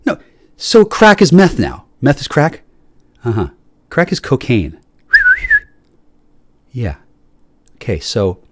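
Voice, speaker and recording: A man's voice: on the low side, darkish tone, no room sound, studio quality. A man delivering an angry, profane solo rant, stammering through restarts as he jabs at his listeners.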